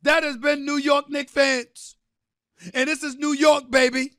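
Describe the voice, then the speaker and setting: A man hosting a sports debate show, delivering a theatrical, emphatic rant, often shouting and repeating phrases for effect. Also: very high-pitched, level tone, dry recording, studio quality. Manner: drawn-out repetition for effect. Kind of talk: impassioned sports talk rant.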